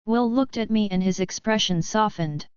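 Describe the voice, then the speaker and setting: A woman reading a romance audiobook in steady first-person narration. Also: mid-range voice, normal speed, clear, resonant tone, no room sound, lo-fi sound.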